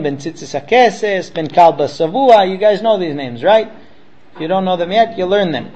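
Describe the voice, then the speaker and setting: A man's voice: sits high, a little mellow, muffled recording, a little hiss or hum. A man teaching students by retelling a story, acting out the characters with frequent fillers. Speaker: Torah teacher.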